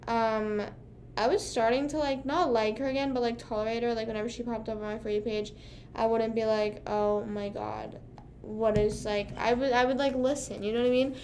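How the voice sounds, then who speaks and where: Young woman, fairly high voice, casual live-stream chat, rambling with fillers, faint room ambience. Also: fairly even intonation, normal speed, darkish tone, slight background noise. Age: young adult. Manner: rambling, filler-heavy, lots of "like" and "um".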